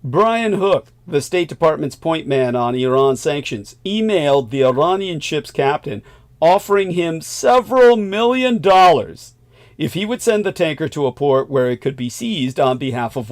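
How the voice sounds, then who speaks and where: Sardonic man holding a long monologue. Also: fairly high pitch. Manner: emphatic, sardonic asides with chuckles. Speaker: host. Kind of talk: monologue on current affairs.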